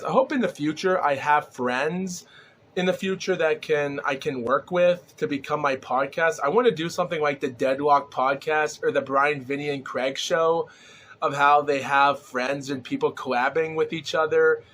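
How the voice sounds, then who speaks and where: A man hosting a rambling solo podcast, talking excitably with lots of fillers and restarts, his throat sore and groggy and his breath short. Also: on the high side, normal speed. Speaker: podcast host. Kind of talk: solo casual podcast commentary.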